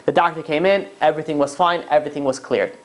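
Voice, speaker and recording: A man's voice: a little high, fairly even intonation, quick pace. A man, a rabbi, tells a long story to his class in a loose, chatty way. He stops and restarts often and fills his talk with little fillers. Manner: rambling, many fillers and restarts. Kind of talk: casual storytelling lecture.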